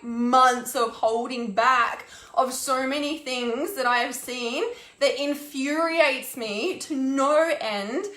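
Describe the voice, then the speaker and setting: Fuming high-voiced woman ranting live. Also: pushed and bright. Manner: fuming, swearing, halting restarts. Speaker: intuitive healer and mentor, live streaming. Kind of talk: angry live-stream rant. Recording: echoey room.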